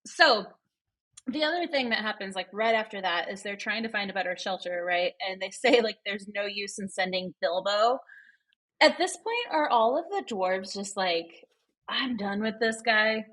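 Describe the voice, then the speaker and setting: Female co-host, husky, teasing, quick to laugh and interject. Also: medium pitch, animated, fairly bright tone. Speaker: podcast co-host. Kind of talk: casual book chat.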